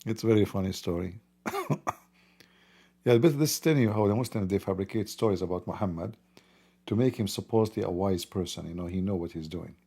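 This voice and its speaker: Gravelly man mocking. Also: deep voice, fairly quick, warm tone. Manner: mocking, laughs often, broken grammar. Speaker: livestream host. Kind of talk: casual late-night livestream talk.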